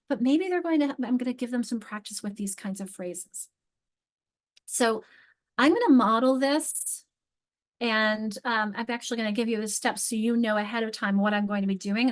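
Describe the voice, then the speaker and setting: A woman with a slightly high voice leads a teacher training over a video call. She talks in a chatty, informal way, restarting her sentences often. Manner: chatty, with frequent restarts and modeled read-alouds. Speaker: literacy trainer.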